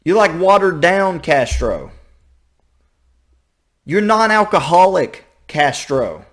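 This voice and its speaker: Southern US man, reaction host, lively up-and-down delivery, casual and chatty. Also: high voice, slow. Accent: Southern American. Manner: animated, repeats himself, thinks out loud.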